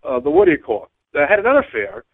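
A man calling in to a talk show, a taxi driver telling a long story in an animated, rambling way with many stammered repeats. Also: fairly high pitch, rapid-fire, no echo. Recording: tinny phone line.

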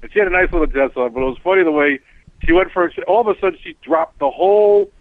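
New cab driver, higher-pitched talk-show regular, rambling animated storyteller, dry tinny phone sound. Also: male voice, fast talker, dry recording. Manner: rambling, animated storyteller, acts out quoted voices.

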